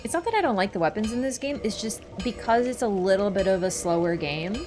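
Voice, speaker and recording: A woman's voice: medium pitch, lively intonation, fast talker, darkish tone, faint music behind. A woman who chats casually while playing a game on stream. She laughs often and answers her viewers as she goes. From Canada. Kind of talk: casual gaming livestream chat.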